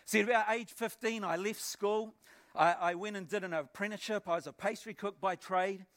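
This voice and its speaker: High-voiced New Zealand pastor giving testimony. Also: male voice, normal speed. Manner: animated storytelling, acts out scenes, repeats words. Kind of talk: personal testimony sermon.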